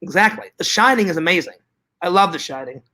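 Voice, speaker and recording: Talking fast in a high voice, a man runs a casual live stream, reading viewers' messages aloud. His answers are lively and profane, and he tends to repeat himself.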